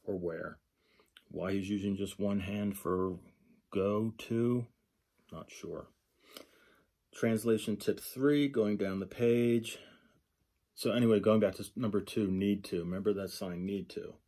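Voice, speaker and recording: Man, lecturer, very slow delivery, mellow dark tone, repeats examples while reading through a workbook. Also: on the low side, steady tone. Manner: slow, thinking aloud, repeats example glosses. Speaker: sign language instructor. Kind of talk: lecture walking through a textbook.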